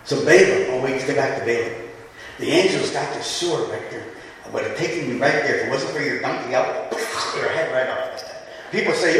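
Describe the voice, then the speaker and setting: A man's voice: medium pitch, brisk, fairly bright tone, slight background noise. A man preaching a sermon in a church, telling the story animatedly and acting out the quotes. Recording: echoey hall from far off.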